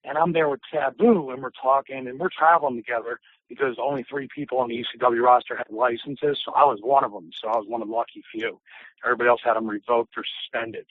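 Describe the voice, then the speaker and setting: A former wrestler, a man, telling lively anecdotes as an interview guest, acting out voices and laughing often. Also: mid-range voice, fast talker, no echo. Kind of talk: casual storytelling. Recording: tinny phone line.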